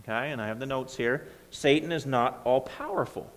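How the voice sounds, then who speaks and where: Conversational pastor in a reverberant hall. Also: male voice, mid-range voice, brisk. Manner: conversational preaching, frequent "right?" and "okay?" checks. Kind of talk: sermon.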